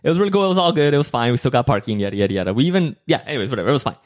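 A man's voice: mid-range voice, animated, very fast. A man telling a story in a casual chat with his wife, full of fillers and swearing. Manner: swears a lot, many fillers.

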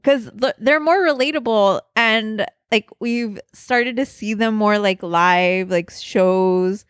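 A woman's voice: mid-range voice, slow pace, smooth, dry recording. A woman co-hosting a casual podcast, giggly and teasing, saying "like" often, on a close mic. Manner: giggly, teasing, uses "like" a lot. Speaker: podcast co-host. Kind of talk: casual chat.

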